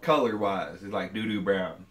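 A man's voice: deep voice, moderate pace, echoey room, distant mic, slight background noise. A man from Oklahoma chatting casually on a vlog, joking and slipping into exaggerated country voices with a put-on Southern accent. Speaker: vlogger. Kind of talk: casual chat.

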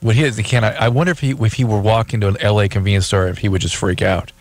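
A man co-hosting a late-night call-in radio show, chiming in with dry quick remarks. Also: lowish voice, fairly even intonation. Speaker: radio co-host.

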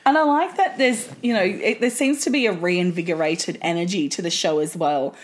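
A woman's voice: fairly low pitch, moderate pace, slight background noise. Laughing Australian woman co-host. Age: 30s. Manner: lively, laughing, swears casually. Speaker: podcast co-host. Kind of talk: casual chat.

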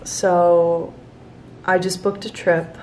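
A woman's voice: lowish voice, little pitch movement, drawn-out words, darkish tone, slight background noise. A 21-year-old woman speaking candidly in a confessional vlog, emotional and close to tears, filmed outdoors and then indoors on a camera set down nearby. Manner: emotional, candid, tearful at times. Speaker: vlogger.

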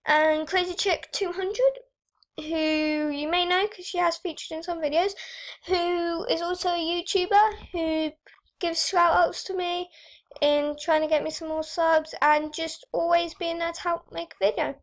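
High-voiced chatty young girl. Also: unhurried. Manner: chatty, excitable, rambling. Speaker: YouTuber. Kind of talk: casual gaming vlog commentary.

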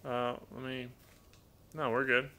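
A man with a raspy, mid-range voice hosts a casual home Q&A stream, rambling loosely while reading chat messages aloud and talking to his pet birds. He speaks slowly in a level, bright, forceful tone, with slight background noise.

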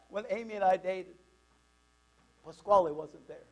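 A man preaching a sermon as a pastor, telling a personal story in an animated, conversational way. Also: high-pitched, measured pace, poor audio.

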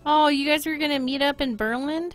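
A woman with a Boston accent giving live gameplay commentary, excitable, gasping and laughing often. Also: high-pitched, a little fast, faint music behind. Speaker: streamer.

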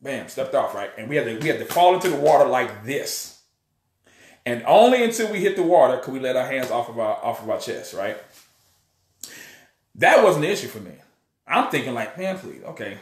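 Animated man telling a story, echoey room. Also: medium pitch, a little fast, long pauses. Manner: animated storyteller, acts out voices, many restarts. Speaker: online preacher and channel host. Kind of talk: casual storytelling monologue.

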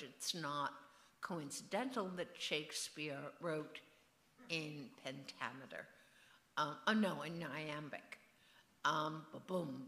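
A woman's voice: deep voice, pushed and bright, echoey room. A woman author in an onstage festival conversation, musing and digressive, with a rhythmic way of speaking. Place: event hall.

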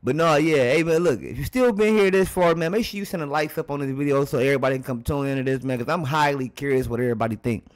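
A man's voice: mid-range voice, fast talker, few pauses. A man hosting a casual reaction video, commenting on old basketball footage, laughing often and talking straight to his viewers.

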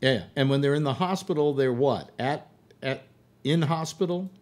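A man's voice: mid-range voice, moderate pace. An American man hosting a casual panel chat, talking with many restarts and fillers. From United States. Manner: animated, full of restarts and fillers. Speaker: host. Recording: online call audio.

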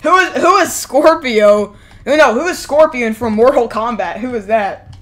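A woman live-streaming a game, talking to her chat and yelling at game characters. She swings between shouting and muttering and repeats the same phrases over and over. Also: a little high, expressive, moderate pace, slight background noise. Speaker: gaming streamer.

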